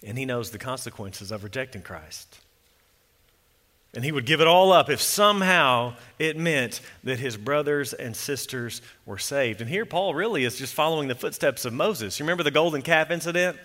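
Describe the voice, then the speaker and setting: A man preaching a sermon as pastor, earnest and emphatic, slowing down to read scripture solemnly. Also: mid-range voice, expressive, pushed and bright. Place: church sanctuary. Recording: church sanctuary reverb.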